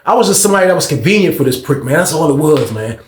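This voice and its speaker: A man's voice: a little high, animated, racing. A man casually telling stories to his viewers, streetwise and slang-heavy, ending his lines with "man". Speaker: storyteller and channel host. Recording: echoey room.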